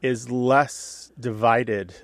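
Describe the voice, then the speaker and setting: A man hosting a call-in radio show, explaining to a caller in a relaxed, chatty way with little asides. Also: mid-range voice, extremely slow, no echo. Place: radio studio.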